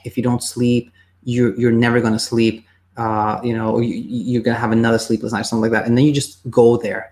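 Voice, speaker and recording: A man working as a sleep coach, answering viewer questions in a casual, halting way and acting out the voices he quotes. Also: mid-range voice, darkish tone.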